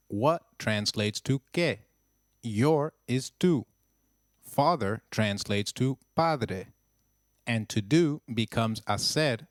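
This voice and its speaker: A man narrating a scripted language lesson with slow, clear, encouraging drills. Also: mid-range voice, no room sound, studio quality. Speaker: language teacher.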